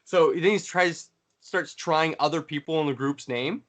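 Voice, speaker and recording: A man co-hosting a casual podcast chat, retelling moments with excitement and energy. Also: fairly high pitch, unhurried. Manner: excited storytelling, acts out quotes. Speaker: podcast co-host.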